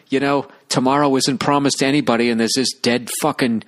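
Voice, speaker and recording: A man's voice: medium pitch, fairly even intonation, a little fast, a bit bright. A man hosting a solo comedy podcast, ranting sarcastically and swearing as he riffs. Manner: sarcastic, profane, riffing. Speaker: podcast host.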